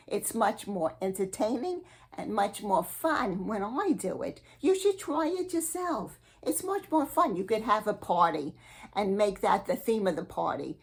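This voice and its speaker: A woman hosting a spiritual advice show, giving a slow, earnest and sweetly eccentric comic monologue. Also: mid-range voice, darkish tone, husky.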